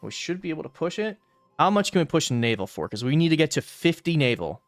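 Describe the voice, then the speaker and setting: A man's voice: a little high, sing-song, fast talker, no room sound, faint music behind. A young man streaming a strategy game, casually thinking aloud through his moves and muttering calculations, now and then flaring into exasperated rants. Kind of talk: casual gameplay commentary.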